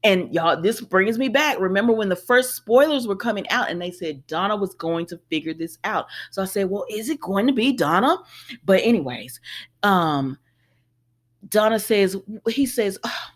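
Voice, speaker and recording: Woman host, chatty soap recap, very animated swings in pitch, exclaims and paraphrases. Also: normal speed. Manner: animated, exclaims, paraphrases dialogue, addresses viewers as y'all. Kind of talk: casual chat.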